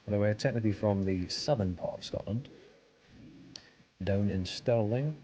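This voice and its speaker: A man's voice: fairly low pitch, normal speed, mellow, slight background noise. A man streaming a game, chatting casually and answering his chat while he plays.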